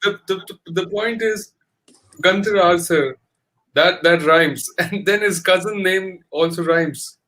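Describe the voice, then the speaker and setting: A man's voice: high-pitched, unhurried, pushed and bright. A man in casual chat who teases and laughs easily, with a melodic way of speaking.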